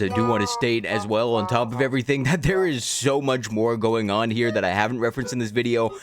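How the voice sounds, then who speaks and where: Profane, ranting male YouTube commentator. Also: fairly high pitch. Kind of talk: commentary video.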